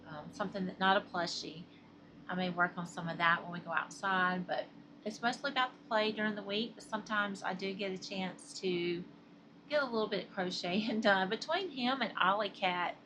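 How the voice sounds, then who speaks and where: A middle-aged woman with a Southern American accent, chatting casually and rambling to her viewers in a crochet vlog, laughing often. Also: medium pitch. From Southern United States. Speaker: crochet vlogger.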